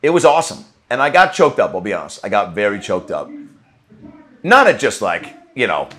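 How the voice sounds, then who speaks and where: A man's voice: on the low side, huge pitch swings, brisk, a bit bright. A man hosting his own podcast, talking through a recap in an earnest, reflective way, with plenty of restarts and casual swearing. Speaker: podcast host.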